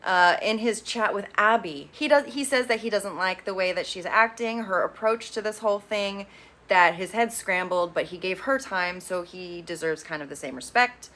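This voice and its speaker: A woman casually recapping a reality show, with sassy opinionated asides and quick quoted impressions. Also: mid-range voice, fairly bright tone.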